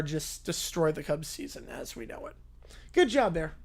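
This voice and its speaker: Sex: man. Role: streamer host. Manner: animated, laughing. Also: on the high side, moderate pace, gravelly. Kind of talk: live stream reaction and story reading.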